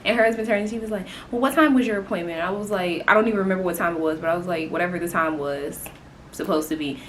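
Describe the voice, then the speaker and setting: A young woman from Indiana with a Southern accent, telling a casual vlog story in an animated, swearing way. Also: lowish voice, a little hiss or hum. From Indiana, United States. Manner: animated, swears freely, quick to laugh. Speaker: vlogger.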